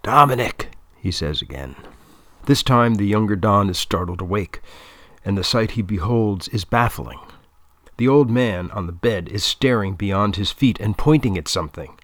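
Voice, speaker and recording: A man reading a story aloud as narrator in a measured, deadpan manner. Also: on the low side, no room sound.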